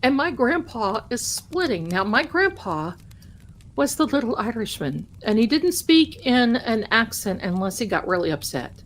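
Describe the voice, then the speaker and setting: A woman's voice: a little high, big pitch swings, normal speed, a little hiss or hum. A woman hosting a live trivia stream, chatting with viewers and telling a folksy story from her childhood. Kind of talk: casual chat, storytelling to viewers.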